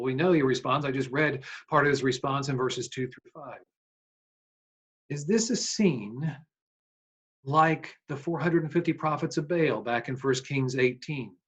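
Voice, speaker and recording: A man's voice: on the high side, fairly bright tone, poor audio. A male pastor preaching an earnest, emphatic sermon, often asking rhetorical questions. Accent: American.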